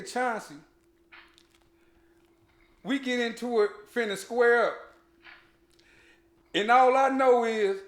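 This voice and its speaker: Male podcast host, casual storyteller, high voice, echoey room. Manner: animated, laughing storyteller, heavy slang and restarts.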